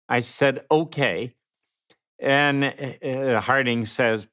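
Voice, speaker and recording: An older man from Michigan tells stories in an oral history interview. He talks slowly and pauses often, and when he quotes the people in his anecdotes he acts out their voices. His voice sits at an ordinary middle pitch. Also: steady tone, a bit bright.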